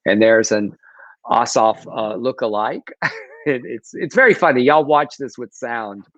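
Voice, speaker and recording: A man's voice: mid-range voice, measured pace, a bit bright, no room sound. A man co-hosting a casual livestream news chat, laughing and tripping over names. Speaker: co-host. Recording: dull, dry lo-fi stream audio.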